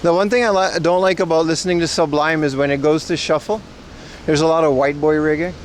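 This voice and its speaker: Speaking fast in a higher-than-average voice with fairly even intonation, a man in his thirties rambles through a casual street livestream while biking and answering viewer chat. Slight background noise is audible.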